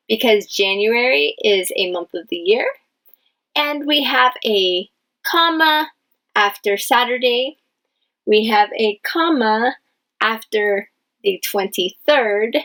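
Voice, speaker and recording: A woman's voice: mid-range voice, vocal fry, a bit bright, low-quality recording. Patient woman teaching English dictation. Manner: patient, enunciates each word, stresses key words. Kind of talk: slow, clear classroom dictation.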